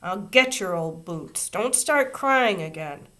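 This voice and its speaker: A woman's voice: mid-range voice, animated, takes it slowly, a bit bright. Woman reading as a cross, grudging schoolboy. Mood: bossy. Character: grumpy schoolboy traffic guard.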